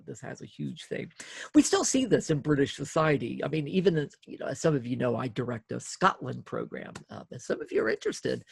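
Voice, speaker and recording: A man talks through a history lecture with a gravelly, slightly husky voice at an ordinary pitch. He speaks loosely, stumbling over restarts and fillers while leaning hard on key words, and the recording is dry with little room sound. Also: no echo. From United States. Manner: conversational, many fillers and restarts, emphatic on key terms. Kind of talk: recorded lecture, casual spoken delivery.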